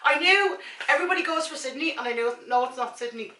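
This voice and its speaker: A woman's voice: high-pitched, fast talker, sharp tone. An Irish woman hosting her own vlog, chatting casually and a little scatterbrained while reading snack labels aloud. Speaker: vlogger and mother. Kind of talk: casual snack-tasting chat. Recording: echoey room, camera set far off.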